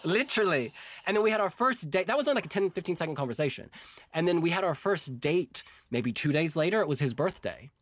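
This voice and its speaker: Guest, American man, 40s, lively storyteller with a high, swooping voice, dry close sound. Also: quick pace, dry recording. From United States. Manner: animated storyteller, laughing often. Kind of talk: casual chat.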